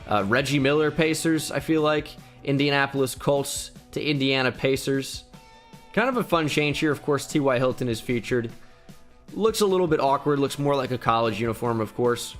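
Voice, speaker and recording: A young man giving casual, opinionated commentary on a video, with lots of fillers. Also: mid-range voice. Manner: relaxed, opinionated, many fillers. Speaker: gaming YouTuber. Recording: faint music behind.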